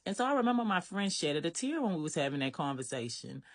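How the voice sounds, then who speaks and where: A woman's voice: fairly low pitch, very animated, quick pace. A woman earnestly recounting a painful memory from her time in prison, telling it as a vivid personal story. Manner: earnest, vivid, retelling scenes with feeling.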